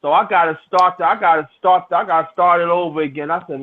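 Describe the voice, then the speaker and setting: Man, middle-aged, casual chat, rambling profane storyteller, high voice, lo-fi phone-like audio. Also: brisk. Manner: rowdy, profane storytelling with many restarts. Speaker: storyteller in a hangout. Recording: tinny, phone-like lo-fi sound.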